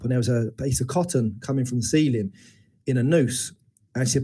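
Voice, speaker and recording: Man in his forties, mid-pitched and warm, candid guest opening up about hard memories with halting restarts. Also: husky. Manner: open, searching, halting retelling of painful memories. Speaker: interview guest. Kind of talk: candid personal storytelling.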